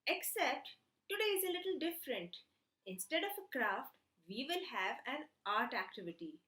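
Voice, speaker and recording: A woman teaching a children's hobby class, telling a story in a lively, sing-song, dramatic way. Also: a little high. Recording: echoey room.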